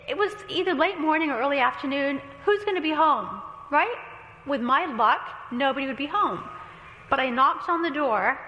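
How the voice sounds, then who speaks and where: A woman's voice: sits high, bright, forceful tone. A woman pastor preaching a sermon, telling a story with quoted dialogue and light humor. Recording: echoey hall with long reverb.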